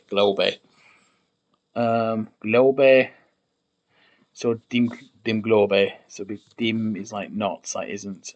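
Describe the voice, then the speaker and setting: Slow, low-voiced man thinking aloud. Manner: muttering, trailing off, repeating words to try them out. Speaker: conlang streamer. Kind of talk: thinking aloud while typing.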